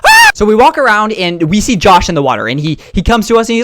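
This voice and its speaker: Lively young man telling a story. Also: high voice, fast talker, noisy background. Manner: rambling, chatty, reacts to the game mid-story. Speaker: gaming storyteller. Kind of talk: casual storytime over gameplay.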